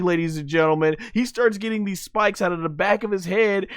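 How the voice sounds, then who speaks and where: A man giving excited commentary on anime fights, laughing often and shouting out the characters' lines. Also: high voice, moderate pace, clear, resonant tone, no room sound, clean studio sound.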